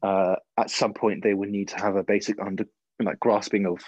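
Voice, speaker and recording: A man's voice: lowish voice, little pitch movement, fairly quick, a little mellow, no echo. Jokey man with a dull, dry sound. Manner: laughing, jokey, trailing restarts. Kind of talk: casual chat.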